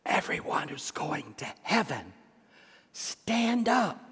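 A stern preacher , put on by a man, delivers judgment in a hushed, flat monotone. He is calm and matter-of-fact, and his words stretch out slowly under a long hall reverb. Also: fairly high pitch, voice pushed down, full character voice. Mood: coldly quiet.

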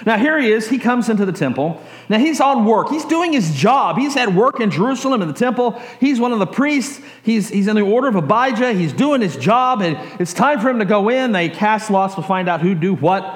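A man's voice: high voice, animated, fairly quick, hardly any pauses, echoey room. A man preaching a sermon, telling stories animatedly and acting out quotes with chuckles. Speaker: pastor.

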